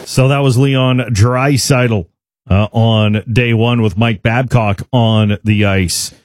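A man's voice: medium pitch, steady tone, takes it slowly, darkish tone, a little hiss or hum. A man hosting a sports radio show, talking in an emphatic, indignant way with frequent restarts. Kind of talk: opinionated sports talk.

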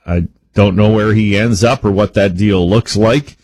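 A man with a very low, husky voice talks hockey on a radio show. He is opinionated and lively, and he rushes his words when he gets worked up. The sound is dry and close, with no room echo. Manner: opinionated, animated, speeds up when making a point. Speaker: sports radio co-host. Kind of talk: casual sports talk.

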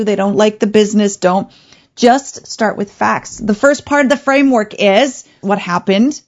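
Calm, clear woman hosting. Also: medium pitch, highs cut off. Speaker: radio show host. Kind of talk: advice talk show monologue.

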